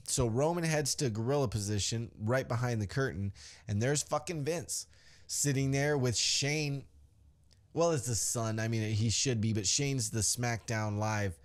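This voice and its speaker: A man hosting a podcast, ranting casually and heatedly about wrestling, swearing often and getting animated. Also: mid-range voice, measured pace. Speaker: podcast host. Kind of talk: casual wrestling commentary rant.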